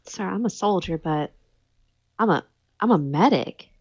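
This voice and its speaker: A woman's voice: on the low side, expressive, measured pace, lo-fi sound. A woman playing her character in a tabletop role-playing game, talking anxiously and stammering. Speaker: player.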